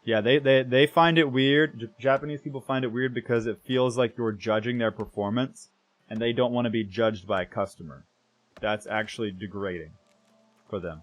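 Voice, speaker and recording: A man's voice: lowish voice, steady tone, normal speed. Rambling young American man streaming. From United States. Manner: rambling, self-correcting, trails off softly. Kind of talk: casual chat with stream viewers while gaming.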